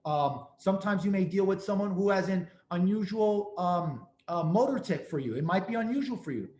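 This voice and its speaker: A man's voice: sits high, expressive, moderate pace, darkish tone, echoey room. A man hosting a talk, giving earnest, emphatic advice and stressing his key points over and over. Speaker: host and speaker on restaurant accessibility.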